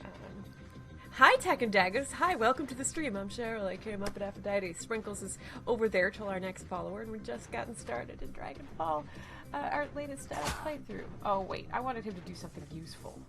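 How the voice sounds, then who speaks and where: A woman's voice: mid-range voice, a little fast, gravelly, over music. A young woman streaming a video game, chatting with viewers, greeting them by name and talking through her moves. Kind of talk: casual game streaming chat.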